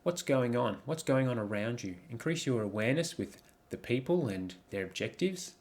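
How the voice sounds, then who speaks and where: A man's voice: mid-range voice, animated, moderate pace, a little mellow. A man giving a coaching talk over slides, reflective, posing many questions, with frequent ums and restarts. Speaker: life coach.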